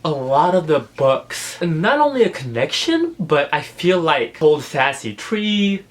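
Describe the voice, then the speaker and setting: A man's voice: a little high, big pitch swings, takes it slowly. A man chatting on his book vlog, gushing and emotional, filling his talk with fillers and laughing through the feeling. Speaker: book vlogger. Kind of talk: casual book review vlog.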